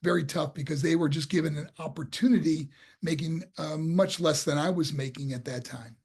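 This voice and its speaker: A man's voice: fairly high pitch, fairly quick, husky. A man from New York State, a guest and former boxer, telling his story in a casual interview and acting out the voices he quotes. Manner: animated storyteller who acts out quoted voices; repeats and restarts words when excited.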